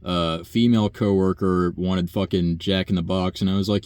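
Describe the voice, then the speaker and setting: A man's voice: low-pitched, steady tone, moderate pace, few pauses, a little mellow, clear, resonant tone, dry recording. A young man, a nursing home worker, telling a long profane story in a rambling, sighing way. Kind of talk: casual rant monologue.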